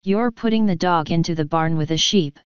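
A woman's voice: lowish voice, brisk, clean tone, no echo, lightly acted. Mocking male bailiff, small part; woman reader voices him, dull dry sound. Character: sneering disliked male bailiff.

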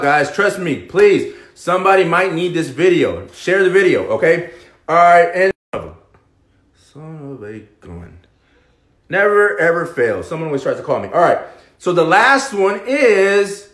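Male fitness live-streamer, pep-talk delivery, swings between loud and hushed, roomy echo. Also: high voice. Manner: pep-talk, keeps asking "okay?" and "right?".

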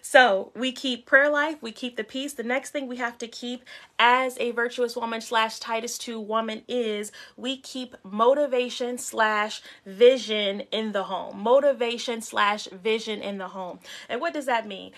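A young adult woman hosts a faith talk show with a bright, ringing voice set a little high. She teaches in a relaxed, chatty way and turns to greet her viewers by name as she goes. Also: unhurried. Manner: animated, talks straight to viewers and greets them by name.

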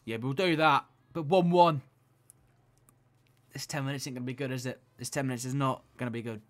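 A young man commentating his own football video game match, excitable and shouting at the referee. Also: medium pitch, brisk. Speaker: gaming YouTuber.

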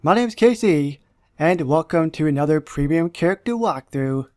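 A man's voice: fairly high pitch, expressive, normal speed. Chatty man doing game commentary. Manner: chatty and amused. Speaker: gaming YouTuber.

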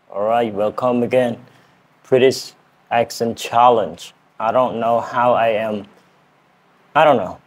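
A man whose first language is Khmer hosts a relaxed lesson, repeating words again and again and chuckling at his own tries. He talks at a slow, easy pace in a mid-range voice. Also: medium pitch. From Cambodia. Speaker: English teacher and channel host. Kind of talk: casual accent practice lesson.

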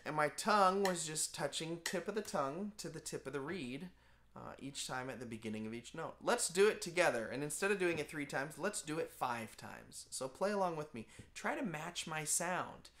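A man's voice: a little high, expressive, a little fast, fairly bright tone. A man teaching a beginner saxophone lesson, explaining patiently in plain words with many fillers. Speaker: band teacher. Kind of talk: casual music lesson.

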